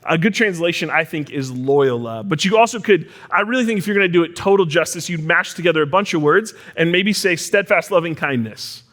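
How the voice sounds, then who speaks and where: A man's voice: a little high, brisk, hardly any pauses, fairly bright tone. A young man preaching a sermon in a casual, joking, teacher-like way. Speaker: pastor.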